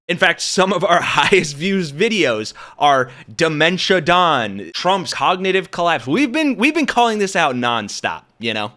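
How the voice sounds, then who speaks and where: A man in his thirties hosting casual political commentary, talking straight to his viewers, animated and profane. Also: fairly high pitch. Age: 30s.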